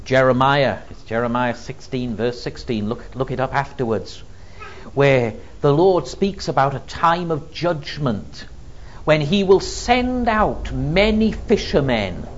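A man preaching a sermon with a very lively, swooping delivery, rising to emphatic declarations and filling his pauses with "um". The recording sounds slightly dull and lo-fi. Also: medium pitch. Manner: builds to emphatic, rising declarations, with frequent ums and vivid illustrations. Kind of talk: expository sermon.

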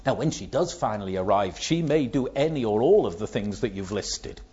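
A man's voice: lowish voice, expressive, normal speed, warm tone, slightly rough. A man preaching a sermon, asking rhetorical questions and telling illustrative stories, in a dull lo-fi recording.

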